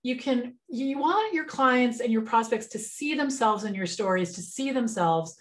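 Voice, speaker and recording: A woman business mentor giving a relaxed, conversational webinar over a computer mic, with lots of fillers and restarts. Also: a little high, normal speed.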